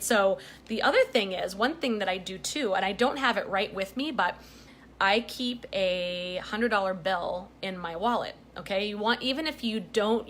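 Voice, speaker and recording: A woman's voice: mid-range voice, a bit bright, a little hiss or hum. A middle-aged woman talking straight to her viewers in a chatty, emphatic way, often checking in with "okay?" and "right?". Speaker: vlogger giving life advice. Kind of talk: casual direct-to-camera advice.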